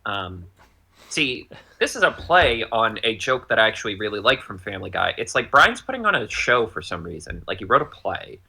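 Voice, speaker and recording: A man's voice: fairly low pitch, sing-song, normal speed, gravelly, sharp tone, husky. A man co-hosting a casual podcast, joking and rambling, and breaking into silly voices now and then. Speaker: podcast co-host. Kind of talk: casual chat.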